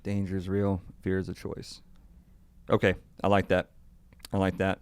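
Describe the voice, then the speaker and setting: A man's voice: sits low, monotone, normal speed, darkish tone, clean tone, no echo. A man hosting a podcast in casual conversation, easygoing and agreeable. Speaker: podcast host.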